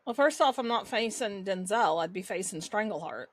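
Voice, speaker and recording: A woman's voice: medium pitch, animated, moderate pace, no echo. A woman chatting as a guest, dry and teasing, with sarcastic quips. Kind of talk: casual podcast chat.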